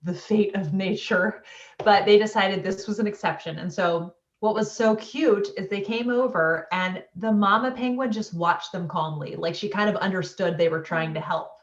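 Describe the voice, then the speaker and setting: A woman's voice: medium pitch, normal speed, reverberant, far from the mic, highs cut off. A woman co-hosting a casual book chat over a video call, telling stories in a chatty way with lots of "like"s. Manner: chatty storyteller, many "like"s. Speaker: book club co-host.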